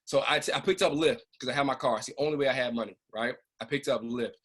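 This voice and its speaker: A man who trains a business group, telling an emotional personal story in a casual, animated way over a video call. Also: mid-range voice, quick pace, breathy edge.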